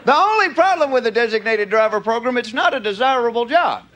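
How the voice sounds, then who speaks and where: A man's voice: very high-pitched, animated, fast talker, over a noisy crowd. A man with a Southern American accent doing a stand-up comedy routine, telling drawling stories on a stage before a live audience. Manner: drawling storyteller, slips into character voices. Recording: live show with audience noise.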